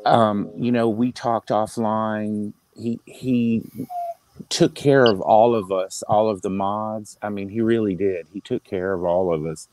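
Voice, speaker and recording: A man's voice: lowish voice, fairly even intonation, darkish tone, a little hiss or hum, low-quality recording. A man speaking in a casual online panel chat, paying an emotional tribute and often stopping and restarting as he talks. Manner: halting, emotional, with many restarts.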